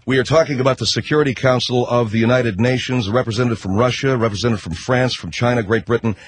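A man hosting a radio talk show, reading plugs in a brisk, mock-earnest pitchman patter.

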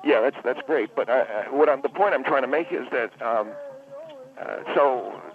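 A man talks down a narrow, tinny phone line at an ordinary pitch. He rambles as a spa owner on a comedic radio call, stumbling over his words and backtracking constantly. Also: normal speed, vocal fry, faint music behind. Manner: rambling, stammering, self-correcting. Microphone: telephone.

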